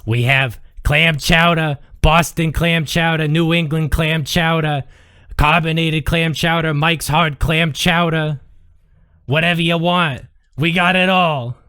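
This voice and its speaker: A man's voice: on the high side, fairly even intonation, slow, bright, forceful tone, clear, resonant tone, no echo, clean studio sound. A man voicing a brash middle-aged woman diner waitress, folksy and pushy, calling everyone sweet cheeks. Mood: brassy.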